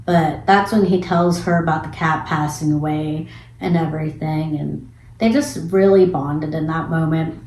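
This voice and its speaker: A woman's voice: deep voice, a little slow. Chatty woman in an echoey room. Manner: chatty, animated retelling with casual swearing. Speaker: film reviewer. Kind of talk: casual spoiler review.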